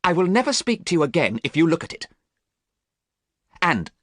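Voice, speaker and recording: A man's voice: on the high side, big pitch swings, moderate pace, no room sound, studio quality, pitched above the performer's own voice. Man voicing a cold, bored young dandy. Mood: alarmed. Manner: languid, haughty, sometimes sharp.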